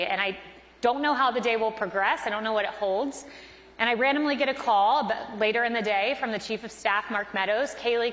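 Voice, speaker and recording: A woman's voice: a little high, fairly bright tone. A woman in her thirties giving a motivational speech at a conference, telling a personal story with earnest quoted dialogue. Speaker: conference speaker. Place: large conference hall. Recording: echoey hall with long reverb.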